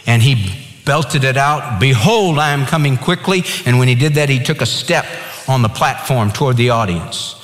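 A man's voice: mid-range voice, normal speed, a bit bright, in a large hall. A man preaching a sermon as pastor, emphatic and conversational, telling stories along the way.

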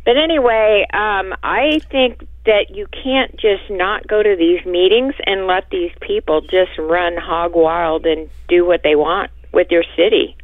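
A woman's voice: on the low side, unhurried, hardly any pauses, dry recording. A woman calling in to a radio show over the phone, talking hesitantly with many fillers. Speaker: caller. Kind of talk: phone-in call. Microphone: telephone. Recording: tinny phone line.

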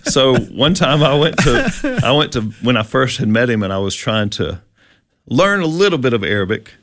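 A man's voice: mid-range voice, sing-song, normal speed, a bit bright, no echo. Man teaching scripture in a dry room. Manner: explains verse by verse and poses questions. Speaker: Bible study co-host. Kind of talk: conversational Bible teaching.

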